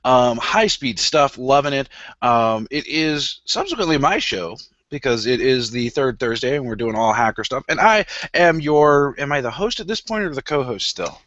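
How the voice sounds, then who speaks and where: A bright-voiced man bantering as a radio show host, joking and restarting his sentences. His delivery is lively and animated. The sound is dry and a little dull. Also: mid-range voice, moderate pace, no room sound.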